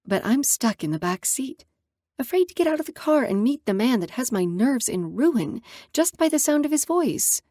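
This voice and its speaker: A woman narrating a first-person romance audiobook in an expressive way. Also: high voice, moderate pace, dry recording, clean studio sound.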